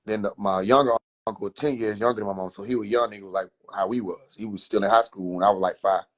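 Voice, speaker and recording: A man's voice: lowish voice, quick pace. Laughing man telling profane childhood stories. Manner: animated, profane, laughs between lines. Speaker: comedian livestreamer. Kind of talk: casual comedic storytelling. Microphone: phone.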